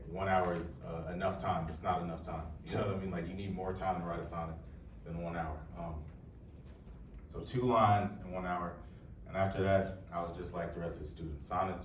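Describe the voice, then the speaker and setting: A young man with a deep voice gives a casual, joking talk to an audience. He is picked up from a distance in an echoey room. A faint room hum sits underneath. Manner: casual, joking, addresses the crowd. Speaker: poet and presenter. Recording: echoey room, voice heard from far off.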